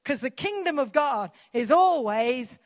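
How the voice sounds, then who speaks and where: Passionate high-voiced woman preacher. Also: expressive, unhurried. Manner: passionate, emphatic preaching with repetition. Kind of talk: sermon.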